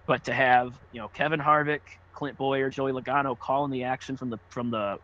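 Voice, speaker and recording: A man chats on a casual sports podcast, upbeat and chuckling. His voice is bright and forward. The mic sounds dull and lo-fi. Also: medium pitch, steady tone, fairly quick. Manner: enthusiastic, chuckling. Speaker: podcast co-host.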